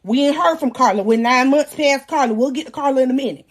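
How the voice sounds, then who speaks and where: A young woman in her twenties hosting a livestream, telling a story casually in animated, slangy talk and joking with her viewers. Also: sits high, quick pace, a little hiss or hum. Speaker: live-stream host.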